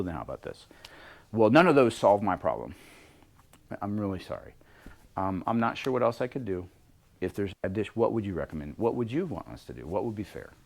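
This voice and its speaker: A middle-aged man leading a workshop on leadership, talking in a lively way and acting out bits of dialogue in different voices. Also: on the low side, vocal fry. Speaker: leadership coach. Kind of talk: workshop talk. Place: workshop room with a small group.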